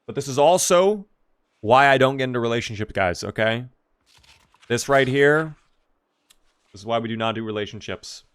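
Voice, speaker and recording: Lively in intonation yet moderate in pace, this Maryland man pauses often, and his mid-range voice is clear and resonant. Streaming a game live from the US East Coast, he chats casually and answers viewers' questions as he plays.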